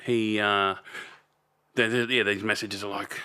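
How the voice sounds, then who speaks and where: A Melbourne man in his fifties with an Australian accent speaks low, fairly quick, and level, his tone pushed, bright, and smooth. As a podcast guest he tells a rambling, blunt story with many restarts and some swearing.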